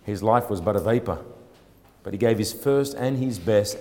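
A man preaching a sermon. He moves between quiet, reflective passages and loud, building exhortation full of repeated rhetorical questions. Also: on the low side, moderate pace. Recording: long hall reverb.

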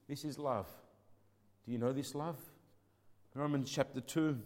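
A man preaching a sermon with passion, rising to loud declaiming and dropping to hushed pleading, and reading scripture in old-fashioned wording. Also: mid-range voice, fairly even intonation, a little slow. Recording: long hall reverb.

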